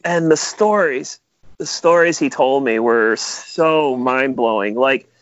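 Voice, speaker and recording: A Metro Detroit music producer talks slowly in a medium-pitched voice, telling animated stories sprinkled with "like" during an easygoing interview. The recording is dry and lacks its upper frequencies.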